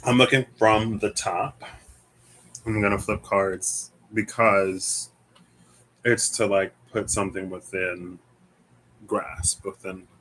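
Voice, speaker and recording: Slow, meandering young Midwestern man. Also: lowish voice, steady tone, fairly bright tone, husky, low-quality recording. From American Midwest. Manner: meandering, hesitant, searching for words. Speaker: tarot reader. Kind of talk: casual tarot reading, thinking aloud.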